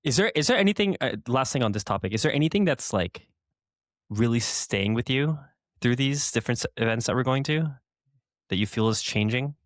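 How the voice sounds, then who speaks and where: A man's voice: mid-range voice, lively intonation, fairly quick, no room sound, clean studio sound. A man hosting a podcast, riffing in casual chat with enthusiastic, filler-heavy speech. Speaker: podcast host.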